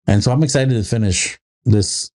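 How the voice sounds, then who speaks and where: A man's voice: on the low side, moderate pace, a little mellow. A man co-hosting a casual podcast, rambling through family anecdotes and acting out his little daughter's lines. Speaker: podcast co-host. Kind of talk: casual chat.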